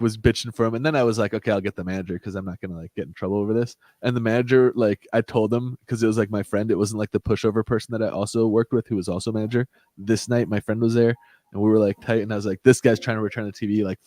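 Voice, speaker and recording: A man's voice: lowish voice, fairly even intonation, fast talker, darkish tone, no echo, studio quality. A young man co-hosting a casual podcast, telling a swearing, laughing retail work story. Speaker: podcast co-host. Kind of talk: casual chat.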